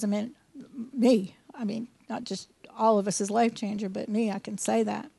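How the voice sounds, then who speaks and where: A woman's voice: mid-range voice, steady tone, moderate pace, gravelly, mellow, husky, dry recording. A woman teaching a sermon, reading scripture with emphasis and mixing in earnest, folksy asides. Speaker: Bible teacher.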